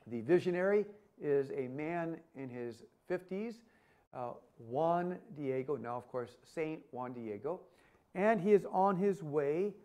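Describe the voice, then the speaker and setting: Earnest male lecturer, fairly high voice. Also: darkish tone. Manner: measured, earnest, with frequent "uh" pauses. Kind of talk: academic lecture.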